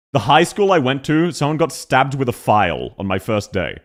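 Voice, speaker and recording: A man's voice: mid-range voice, sing-song, moderate pace. A young man with a Canberra Australian accent, casually chatting on a live stream, laughing and swearing often.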